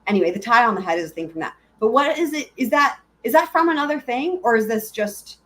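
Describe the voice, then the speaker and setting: A woman's voice: on the high side, animated, fast, a bit bright. A woman hosting a live stream, chatting casually and giggling as she answers her viewers.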